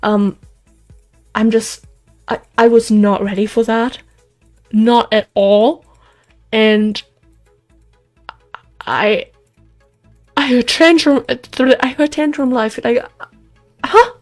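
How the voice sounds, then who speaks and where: A woman's voice: a little high, slow, pauses often, soft background music. A young woman hosting a gameplay video, chatting in a rambling, emotional way and sounding worn out after a concert. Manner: rambling, excitable, emotional, with restarts and sighs. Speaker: let's play host. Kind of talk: casual chat while gaming.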